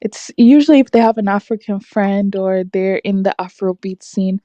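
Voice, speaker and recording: This is a woman in a casual discussion who sounds wry and questioning. Her voice is mellow and dark. The recording is dry and somewhat muffled. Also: mid-range voice, moderate pace, dry recording.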